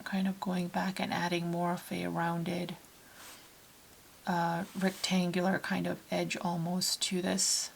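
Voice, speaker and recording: A woman teaching a watercolour painting tutorial in a casual, chatty way, talking softly as she paints and sometimes dropping to a near-whisper. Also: lowish voice, slow pace, vocal fry, a little hiss or hum, poor audio. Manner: chatty and relaxed, with fillers and self-corrections.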